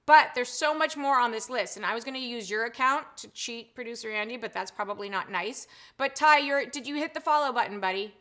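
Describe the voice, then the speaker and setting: A high, bright woman's voice hosts a live stream, gushing over her viewers as she reads their chat messages. She is middle-aged and talks in an effusive, rambling way, sprinkled with "um" and "you guys". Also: brisk. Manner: effusive and gushing, chatty with frequent 'um' and 'you guys'. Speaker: live-stream show host.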